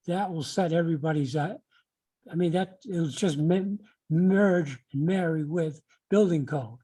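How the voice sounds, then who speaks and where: Blunt man with a dark voice. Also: on the high side, unhurried, slightly rough. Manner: blunt, insistent. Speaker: committee member. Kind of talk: municipal committee meeting discussion.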